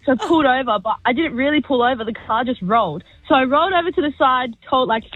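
A woman's voice: high voice, animated, quick pace, breathy edge, no echo. Chatty Australian young woman on the phone. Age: 20s. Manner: chatty, uses "like" a lot. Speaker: caller. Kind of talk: phone-in storytelling. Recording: tinny dry phone line.

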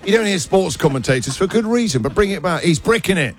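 A man's voice: high voice, animated, fast talker. A man hosting a radio show, trading jokey puns and laughing often. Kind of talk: playful radio banter reading listener puns.

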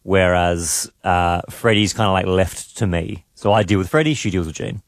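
A man's voice: low-pitched, moderate pace, no room sound, studio quality. A man, hosting a morning radio show and telling a family story in casual chat. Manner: storytelling, animated quoting of his son. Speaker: radio host. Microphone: studio mic.

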